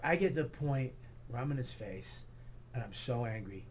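A man telling an animated story as a comedian guest, swearing and acting out quotes loudly. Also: mid-range voice, moderate pace, a little hiss or hum. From New York area.

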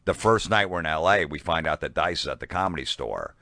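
Deep-voiced man telling a comedy story. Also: fairly quick, dry recording, clean studio sound. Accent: New York. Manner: animated anecdote-telling, acts out quoted voices. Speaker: comedian guest. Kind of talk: casual storytelling chat.

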